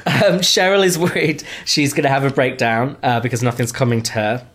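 A man's voice: mid-range voice, fairly even intonation, brisk, a bit bright. A man hosting a casual podcast chat, dry and joking as he talks. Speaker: podcast host.

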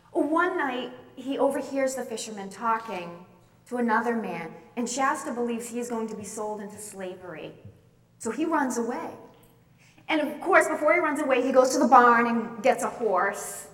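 A woman's voice: on the high side, lively intonation, normal speed, a bit bright. A woman preacher giving a sermon, telling stories with emphatic, swelling delivery. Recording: echoey hall, voice from far off.

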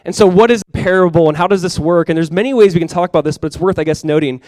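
A young adult man preaching a sermon as pastor, casual and chatty with many fillers, praying softly and slowly at times. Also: high-pitched, dry recording. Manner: soft, slow prayer.

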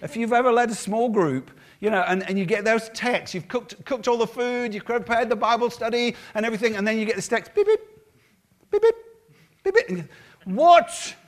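A pastor preaches a lively sermon from the pulpit in a voice that sits high for a man. He talks fast and loosely, putting on little voices to act out what other people say.

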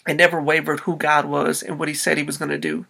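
Guy pastor preaching, kinda gravelly, bright forceful tone, slangy and loose. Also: on the high side, flat delivery, fast talker. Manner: casual, conversational preaching with slang. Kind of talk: sermon.

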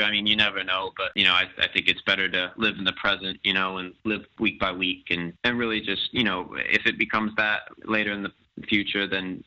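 A young man with an American accent with some British influence, giving modest, halting interview answers full of fillers, heard over a dull lo-fi line. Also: deep voice, sharp tone. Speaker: guest professional soccer player.

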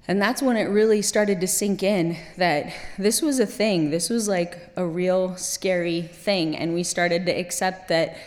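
Woman storyteller with long hall reverb. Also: on the low side. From Kuwait. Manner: lively, wry, laughs at her own story, turns quiet and grave. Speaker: speaker telling a personal story. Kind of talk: storytelling talk on stage.

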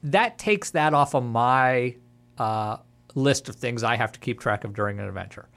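A man's voice: mid-range voice, moderate pace, a bit bright. A man hosting a casual gaming podcast who speaks as a dungeon master and gives his opinions bluntly.

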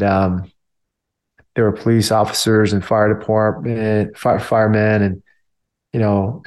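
A man's voice: fairly low pitch, darkish tone. A man and army veteran telling a story casually, filling his talk with "like" and "you know". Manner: loose, filler-heavy talk with many "like" and "you know".

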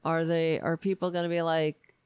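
A woman's voice: deep voice, flat delivery, moderate pace, a little mellow, clean tone, no echo. A woman hosting a political commentary show, ranting in a sarcastic, profane, exasperated way.

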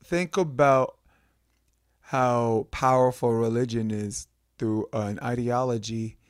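A man's voice: mid-range voice, fairly even intonation, takes it slowly, dry recording, studio quality. A man hosting a podcast, musing and rambling in casual conversation, often checking in with "right?". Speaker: podcast host.

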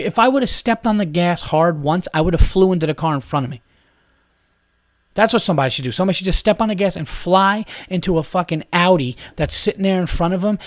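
A man's voice: high-pitched, dry recording, clean studio sound. A man in his thirties hosting a solo podcast, ranting in a heated, profane, rambling way. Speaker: podcast host.

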